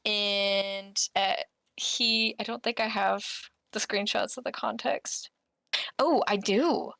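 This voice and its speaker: A woman's voice: medium pitch, fairly even intonation, slow, gravelly, a bit bright, no echo, clean studio sound. A woman co-hosting a podcast, telling a story in casual chat, giggling often as she reads out old messages. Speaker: podcast co-host.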